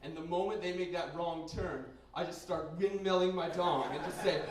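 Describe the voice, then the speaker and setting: A young man from Canada doing a crude, rambling stand-up set in a basement bar, with sudden loud outbursts. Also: fairly high pitch, moderate pace, hardly any pauses, a crowd in the background. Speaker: stand-up comedian. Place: basement bar comedy night. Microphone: handheld stage mic recorded by a camera in the room. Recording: very echoey basement room, heard from a distance.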